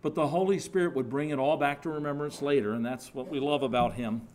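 A man preaching a sermon in a conversational, animated storytelling way, with frequent restarts and asides to the congregation. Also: medium pitch, fast talker, slight background noise.

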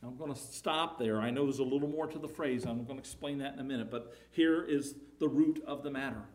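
A man's voice: medium pitch, fast talker, darkish tone. A man preaching a sermon, emphatic, his voice rising and falling in volume, often repeating words.

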